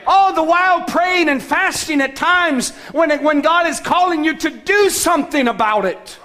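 A man preaching a sermon as pastor, emphatic, with shouted calls to action and sudden soft, low passages. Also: normal speed.

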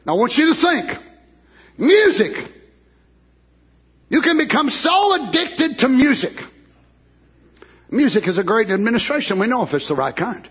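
A man preaching a sermon with fervor, climbing into shouted, rhythmic declarations and acting out voices of people in the story. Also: big pitch swings, normal speed, long pauses, husky, highs cut off. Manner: high, bright preaching voice, rising to shouted fervor.

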